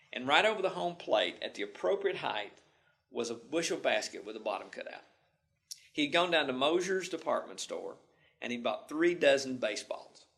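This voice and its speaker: Folksy man with a bright voice. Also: medium pitch. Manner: folksy, homespun phrasing. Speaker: instructor. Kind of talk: storytelling lecture.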